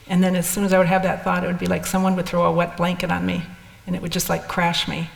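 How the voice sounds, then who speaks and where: A woman's voice: fairly low pitch, completely flat delivery, quick pace, gravelly, hardly any pauses. An older woman telling her personal story in a candid, rambling way, with restarts and asides. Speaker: speaker sharing experiences. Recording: echoey hall with long reverb.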